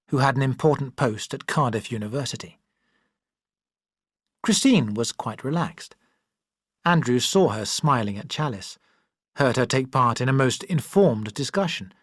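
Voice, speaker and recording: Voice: mid-range voice, dry recording, studio quality. An audiobook reader narrating a classic novel expressively, shifting voices for the characters.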